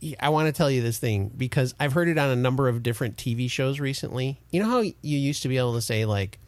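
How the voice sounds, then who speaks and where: A man hosting a casual podcast chat, telling stories in a lively, animated way. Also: mid-range voice, fast talker, dry recording. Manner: animated storyteller. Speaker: podcast host. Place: Detroit area.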